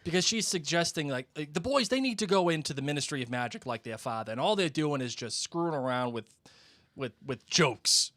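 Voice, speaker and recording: Animated podcast co-host, Boston accent. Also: male voice, a little high, a little fast, dry recording. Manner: animated, laughs often. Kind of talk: casual chat.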